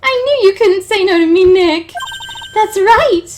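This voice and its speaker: A perky, bubbly young woman, as a woman puts her on, high and bright with lots of lift in her phrasing. Game music plays beneath. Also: expressive, unhurried.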